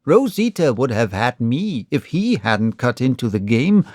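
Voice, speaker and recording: A man's voice: medium pitch, very animated, a little slow, darkish tone, no room sound, clean studio sound. A man voicing a cold, deadly young outlaw who talks in a mild drawl. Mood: brooding.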